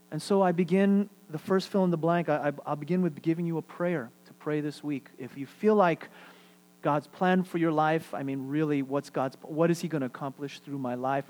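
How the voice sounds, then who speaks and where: Brief: middle-aged male pastor, lively sermon delivery, voice a bit on the high side, repeats key lines. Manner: animated preaching, swings between loud emphasis and quiet asides; repeats phrases for emphasis.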